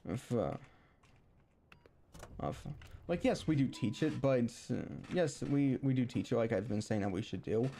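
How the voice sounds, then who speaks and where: Young man, streamer, mellow voice, rambling, sarcastic, lots of restarts. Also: mid-range voice, animated, brisk, hardly any pauses, a little hiss or hum. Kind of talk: casual stream rant.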